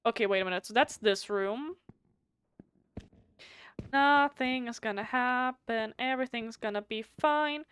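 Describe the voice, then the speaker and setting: A woman, a native German speaker, streaming a game with casual commentary, animated and swearing freely while reading text aloud. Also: on the high side, unhurried, pauses often, clean tone.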